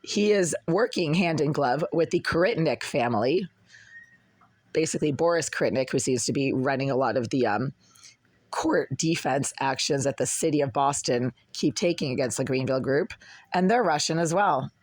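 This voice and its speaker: Hoarse vlogger with a mid-pitched, dry voice, complaining and rambling. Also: normal speed, no room sound. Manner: aggrieved, rambling, with throat-clearing. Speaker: tenant making a complaint video. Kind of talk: casual vlog report. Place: cold apartment indoors, bundled under a blanket.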